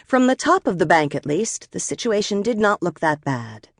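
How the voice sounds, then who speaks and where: Low-voiced woman narrating an audiobook. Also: no room sound, clean studio sound. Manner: measured, expressive storytelling.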